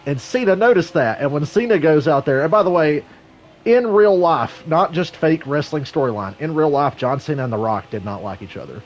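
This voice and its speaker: A man streaming an online racing game, chatting casually and telling a story in a profane, animated way. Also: on the high side, a little fast, a little hiss or hum, low-quality recording. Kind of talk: casual gaming stream chat.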